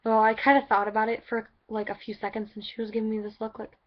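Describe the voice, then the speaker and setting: A woman's voice: a little high, completely flat delivery, quick pace, muffled recording. A woman telling a story in a casual vlog, rambling with lots of "like" and restarts. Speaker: vlogger.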